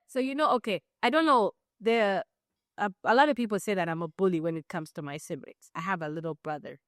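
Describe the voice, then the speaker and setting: A young Ugandan woman co-hosting a podcast, telling a family story in a relaxed, frank way that is full of "you know.". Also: mid-range voice, a little fast, dry recording, studio quality. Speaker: podcast co-host. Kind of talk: casual storytelling chat.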